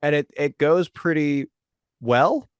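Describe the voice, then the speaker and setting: A man's voice: a little high, slow, clear, resonant tone, no room sound. Dry-sounding man chatting about films. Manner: rambling, filler-heavy, enthusiastic. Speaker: podcast host. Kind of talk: casual movie discussion.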